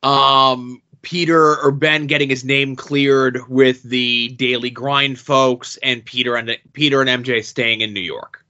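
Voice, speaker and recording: A man's voice: medium pitch, steady tone, measured pace, few pauses, pushed and bright. A man co-hosting a casual podcast, summing things up in a laid-back way with dry remarks. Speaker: podcast co-host. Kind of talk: casual chat. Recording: dull lo-fi audio.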